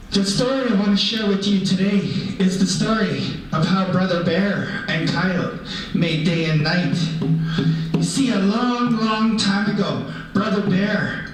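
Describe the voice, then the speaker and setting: A man telling tales as a jolly animal person. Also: high voice. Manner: playful, animated, full of humor. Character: cheerful animal-person storyteller, male, ageless. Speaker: storyteller. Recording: echoey hall from far off.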